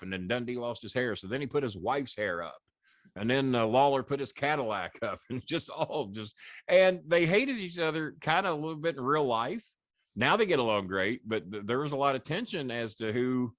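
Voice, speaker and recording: A man in his sixties, a former wrestling manager, telling animated, profane anecdotes as a guest in an interview. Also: mid-range voice, no echo, studio quality. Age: 60s. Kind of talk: storytelling interview.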